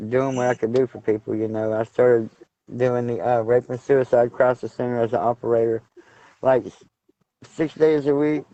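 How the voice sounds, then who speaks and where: A man telling his personal testimony in a casual, halting way, full of fillers and restarts. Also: mid-range voice, steady tone, mellow, muffled recording. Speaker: guest sharing testimony.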